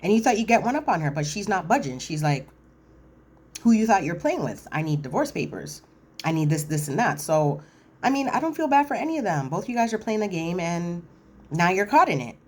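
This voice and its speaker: A woman casually recapping a reality TV episode, chatty and animated, acting out cast members' lines and correcting herself as she goes. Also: lowish voice, a little fast. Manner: animated, quotes cast members in voiced asides; chatty, frequent fillers and self-corrections.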